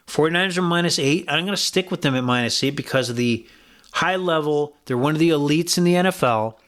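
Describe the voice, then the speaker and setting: A man hosts a sports betting podcast, delivering blunt, rambling picks full of profanity and frequent restarts in casual betting talk. His voice sits at medium pitch with a slightly bright quality.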